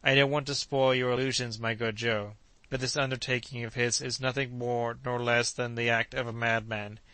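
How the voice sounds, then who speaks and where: A man's voice: medium pitch, level tone, moderate pace, sharp tone, clear, resonant tone, no echo, close to an everyday voice. Man playing a stubborn skeptical hunter.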